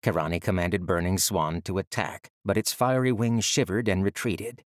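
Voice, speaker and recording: A man narrating an audiobook in a steady, measured storytelling manner. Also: low voice, dry recording, clean studio sound.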